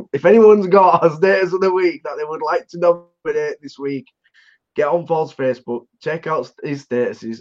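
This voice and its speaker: A man's voice: on the high side, darkish tone, muffled recording, slight background noise. Cheeky sweary man in podcast banter. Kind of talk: casual podcast chat.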